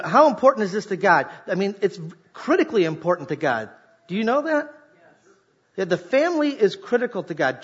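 Pastor, male, husky, slightly high voice, lively preaching, muffled live recording. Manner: animated, jokey preaching to a congregation. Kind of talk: sermon.

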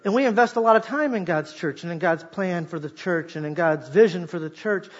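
Husky lively preacher man. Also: high voice, fairly quick, muffled recording. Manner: animated, jokey preaching to a congregation. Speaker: pastor. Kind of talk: sermon.

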